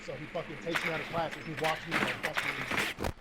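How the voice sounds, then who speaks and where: A man's voice: a little high, level tone, fairly quick, heavy background noise. A young man casually telling a profane story while gaming, acting out each quote. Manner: profane, acts out every quote. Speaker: streamer. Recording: loud game gunfire behind.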